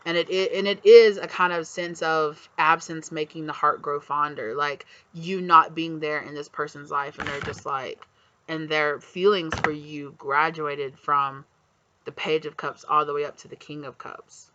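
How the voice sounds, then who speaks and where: A man's voice: on the high side, steady tone, unhurried, pushed and bright, a little hiss or hum. A man giving a casual tarot reading, rambling with lots of fillers and acting out quotes. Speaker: tarot reader. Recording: slightly dull lo-fi audio, faint background ambience.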